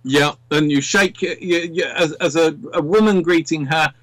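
A man's voice: on the high side, measured pace, fairly bright tone, no room sound, low-quality recording. A man from England with a southern English accent, chatting casually as a radio guest. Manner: chatty, slips into other accents.

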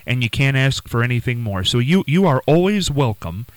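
A man's voice: mid-range voice, very animated, normal speed, dry recording, poor audio. A man hosting a radio chat, encouraging and affable with his guest. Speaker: radio host. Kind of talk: casual radio interview.

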